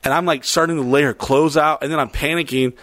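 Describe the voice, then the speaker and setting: A man's voice: a little high, fast talker, no echo. Man, casual storyteller, swears a lot, dry recording. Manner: profane, rambling, animated retelling with quoted voices.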